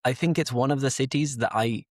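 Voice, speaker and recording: A man's voice: mid-range voice, brisk, no echo, clean studio sound. A young English man hosting a podcast for learners, chatting casually and explaining words with enthusiasm. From England. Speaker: English teacher and podcast host.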